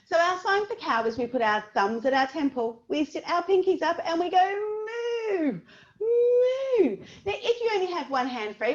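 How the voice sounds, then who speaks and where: A woman leading a parent-and-baby signing class, animated and sing-song, making animal noises for the little ones. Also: high voice, muffled recording.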